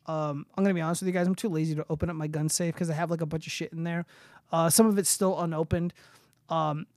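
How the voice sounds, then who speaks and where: A man's voice: fairly high pitch, darkish tone, clean tone, no room sound, clean studio sound. A young man hosting a casual livestream, reading posts aloud and swearing freely in loose, rambling commentary. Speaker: streamer host.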